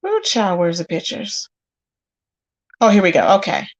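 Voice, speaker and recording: On a casual gossip livestream, a woman with a voice on the low side talks straight to her viewers, very animated but at a measured pace. She's chatty and exclaims frequently, and the recording has its highs cut off.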